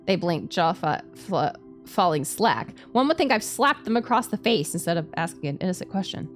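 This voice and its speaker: A woman's fairly low, sing-song voice flows at normal speed with few pauses, faint music behind her. As a VTuber streaming a story game, she reads its text aloud and breaks off for playful, laughing commentary.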